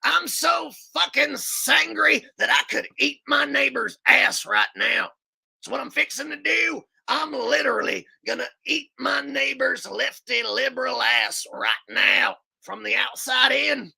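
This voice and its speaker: A man doing an impression of a ranting radio host, sobbing and furious, with a high shouted voice. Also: animated, unhurried, vocal fry, slightly rough, full character voice. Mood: sobbing rage. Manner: wailing and bellowing rant.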